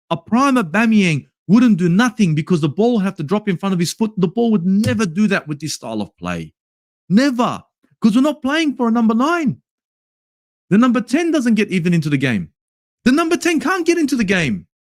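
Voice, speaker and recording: This Australian football channel host has a high-sitting voice, very animated and at normal speed. At home in Sydney at night, he angrily rants through a match review, exasperated and swearing a lot, in a studio-quality recording with no room sound.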